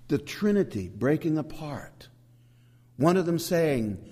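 Guy preaching a sermon, slightly high voice, swings all over, long echo like a big church hall. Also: slow pace. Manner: animated preaching with emphatic rises and asides. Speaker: pastor.

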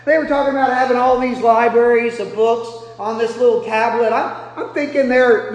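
A man from Nebraska preaches with an unusually high voice, telling stories at his own expense and now and then rising to a shout. The sound rings around a large church hall, with a long reverb trailing each phrase. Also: normal speed, hardly any pauses. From Nebraska, USA. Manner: animated, self-deprecating storytelling with sudden loud bursts. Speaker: pastor. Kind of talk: sermon.

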